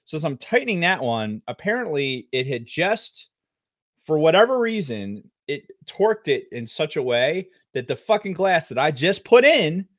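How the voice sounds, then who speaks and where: A middle-aged man co-hosting a podcast, telling a long story in a casual, profane way with loud outbursts. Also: a little high, very animated, moderate pace. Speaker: podcast co-host.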